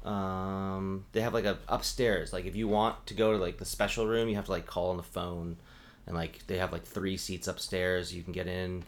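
Animated man telling bar stories. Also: low voice, moderate pace. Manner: animated storyteller, acts out quoted voices, heavy "like" filler. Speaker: bartender. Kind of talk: casual chat.

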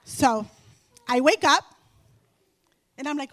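Animated middle-aged woman sharing faith testimony. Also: sits high, measured pace, long pauses, no echo. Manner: animated storytelling, repeating phrases for emphasis. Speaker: Christian speaker sharing a testimony. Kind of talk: faith testimony told to an audience.

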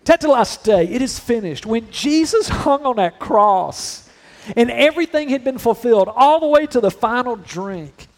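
A middle-aged male pastor delivers a sermon in a conversational, humorous way. His voice sits fairly high for a man. He stretches key phrases out slowly for emphasis. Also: lively intonation.

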